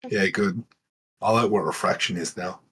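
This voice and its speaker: A man's voice: sits low, moderate pace, a bit bright, husky. A man calling in to a live online panel, talking hesitantly with restarts. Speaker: caller. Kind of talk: casual chat.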